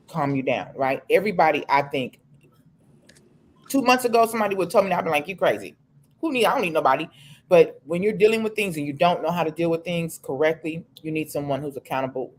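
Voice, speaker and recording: A woman's voice: low voice, husky. A woman co-hosting a casual talk show, speaking frankly and emphatically, often restarting her sentences. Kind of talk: casual chat.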